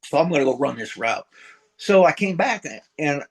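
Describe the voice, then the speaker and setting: A man's voice: on the high side, expressive, normal speed, slightly rough. Older male veteran guest, plain-spoken and profane, acts out the dialogue. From middle America. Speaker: interview guest, retired Marine sergeant major. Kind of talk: casual storytelling interview.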